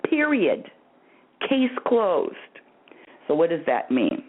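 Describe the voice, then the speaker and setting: A woman hosts a spiritual self-help radio show and talks in a rambling way, repeating and restarting her sentences. Her pitch swings lively and wide. The sound is thin and tinny, like a phone line. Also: slow pace. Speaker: radio host.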